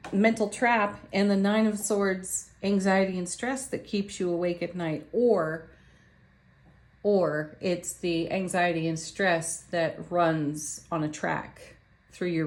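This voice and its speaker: A woman reading tarot cards to her viewers in a casual, chatty, upbeat way. She laughs often and talks straight to her audience. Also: fairly low pitch. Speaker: tarot reader.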